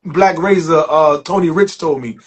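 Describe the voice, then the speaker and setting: Husky, halting male podcast host. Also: a little high. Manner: relaxed, affirming, halting restarts. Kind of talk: casual podcast chat.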